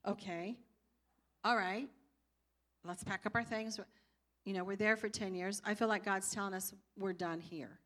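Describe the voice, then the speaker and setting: A woman's voice: medium pitch, fairly even intonation, unhurried, pauses often, fairly bright tone. Older woman telling a personal church story. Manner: personal storytelling, acts out her own reactions. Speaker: pastor's wife teaching. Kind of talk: church teaching talk.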